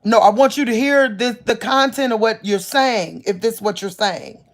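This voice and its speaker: A woman's voice: on the high side, moderate pace. A woman vlogging late at night while lying down, rambling in disbelief and repeating herself as she talks to her viewers on a phone. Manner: rambling, incredulous, repeats herself, restarts often.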